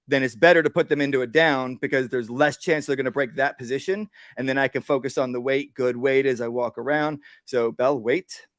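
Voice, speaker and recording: During a live workshop, a medium-pitched man demonstrates dog training, laying out every step in plain terms and frequently asking "right?". He breaks off now and then for brief, calm commands to the dog, and the audio is clean studio sound without room tone.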